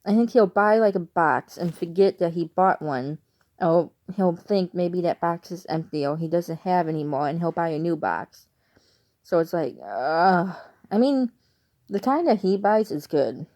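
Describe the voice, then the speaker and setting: A woman with a Chicago accent chats casually in a vlog, rambling and doubling back on her words. Her voice sits a little low and warm. The sound is dry, with no room echo. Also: lively intonation, moderate pace. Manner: rambling, chatty, self-correcting. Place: at home.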